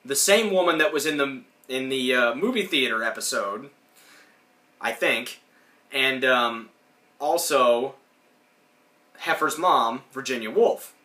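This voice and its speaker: A man's voice: medium pitch, lively intonation, takes it slowly, long pauses, pushed and bright. A man hosting a podcast, giving a casual, rambling, enthusiastic recap of a cartoon, full of fillers. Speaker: podcast host. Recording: roomy echo.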